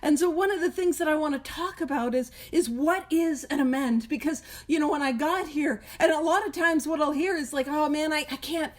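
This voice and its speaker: A woman from Canada with a high voice speaks at a recovery meeting. She talks conversationally, with plenty of self-deprecating jokes. She comes through a video call. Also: fairly quick, hardly any pauses.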